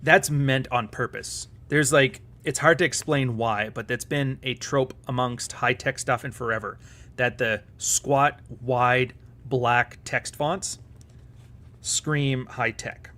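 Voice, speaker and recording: A man's voice: medium pitch, steady tone, slow pace, sharp tone. A man hosting a live stream, chatting casually in a profane, sarcastic and rambling way.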